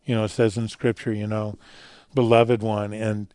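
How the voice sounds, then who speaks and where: Man, radio interview guest, earnest storyteller, mellow dark tone, dry close sound. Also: lowish voice, little pitch movement, normal speed, dry recording. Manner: earnest, storytelling, drops quiet for emotional parts. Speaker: guest speaker on fatherhood and faith.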